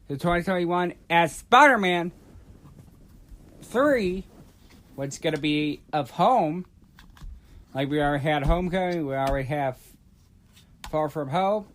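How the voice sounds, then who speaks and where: Male vlogger, high voice, unhurried, halting casual rant with lots of fillers. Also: a bit bright. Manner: rambling, halting, many fillers and restarts. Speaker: YouTube vlogger.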